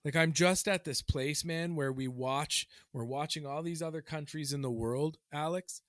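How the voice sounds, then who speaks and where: A man's voice: fairly high pitch, moderate pace, dry recording, clean studio sound. A man co-hosting a podcast in casual chat, ranting with heat and plenty of swearing. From Canada. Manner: heated, swearing, animated ranting. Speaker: podcast co-host.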